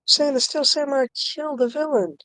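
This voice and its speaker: Game read-aloud: woman voicing a dramatic teen girl sidekick, raised pitch, dry close sound. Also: fairly quick, a bit bright, dry recording. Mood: alarmed. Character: excitable teenage girl assistant, dramatic. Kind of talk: streamer reading game dialogue aloud.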